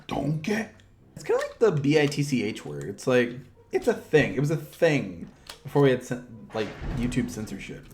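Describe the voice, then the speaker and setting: A man's voice: mid-range voice, a little mellow, slight background noise. A man chatting playfully in a casual toy review vlog, joking at himself while he assembles a figure. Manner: playful, goofy, self-mocking chatter; talks while handling a toy.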